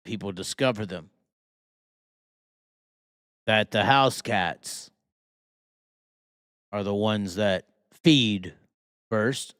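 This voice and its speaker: A man's voice: fairly low pitch, extremely slow, long pauses, a bit bright, dry recording, studio quality. A man hosting a live talk show, ranting heatedly with constant swearing and rhetorical questions. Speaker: host. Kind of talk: profane live-stream rant.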